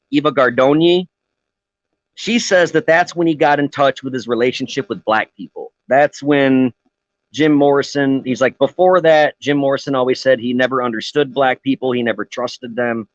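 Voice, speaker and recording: A man's voice: mid-range voice, dry recording, muffled recording. A man co-hosting a casual podcast, swearing freely, rambling through stories and laughing at his own jokes. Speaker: podcast co-host.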